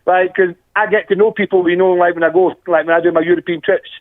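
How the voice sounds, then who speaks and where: A Glaswegian man, chatting as a fan guest, tells rambling stories full of restarts and laughter in casual conversation. His voice is high-pitched and level in tone, and he talks fast. The audio comes through a tinny, phone-like line.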